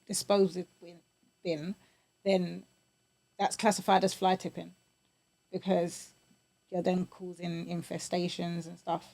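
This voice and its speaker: A British-accented woman, a podcast guest, explaining things in a measured way. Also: on the low side, darkish tone. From England. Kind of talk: casual chat.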